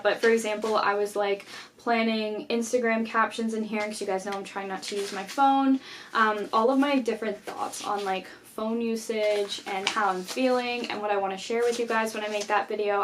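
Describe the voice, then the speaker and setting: A woman's voice: mid-range voice, a little hiss or hum. Chatty young woman vlogging. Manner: chatty, lots of "like" fillers. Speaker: YouTuber. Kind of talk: casual journaling vlog chat.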